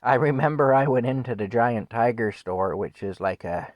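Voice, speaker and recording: A man's voice: medium pitch, moderate pace, no room sound. A man in his fifties ranting on his vlog in an indignant, scornful way with wry chuckles. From Canada. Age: 50s. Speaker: vlogger. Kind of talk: solo opinion rant to camera.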